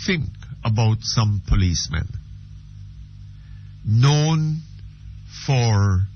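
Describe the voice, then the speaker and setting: An older man hosting a radio talk discussion, speaking slowly and emphatically with repeated words. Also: on the low side, lively intonation, slight background noise. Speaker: radio talk show host. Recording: dull lo-fi radio archive.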